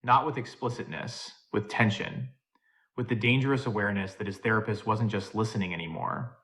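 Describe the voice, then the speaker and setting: A man reading a scripted drama story in an even, steady narration. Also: lowish voice, brisk.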